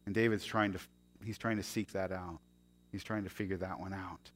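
Preaching man with loud and soft swings. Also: fairly low pitch, fairly even intonation, a little fast. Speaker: pastor. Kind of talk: sermon.

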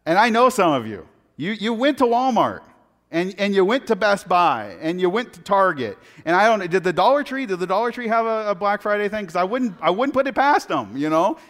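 A man preaching a sermon, telling funny everyday stories in a chatty, animated way. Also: high-pitched, fairly quick. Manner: conversational, animated, self-deprecating anecdotes. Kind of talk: sermon with humorous storytelling. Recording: long hall reverb.

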